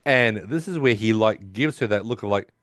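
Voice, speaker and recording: A man's voice: on the low side, animated, normal speed, a bit bright, no room sound, clean studio sound. A man hosting a podcast, casually recapping a sitcom episode and acting out the characters' lines as he goes. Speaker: podcast host.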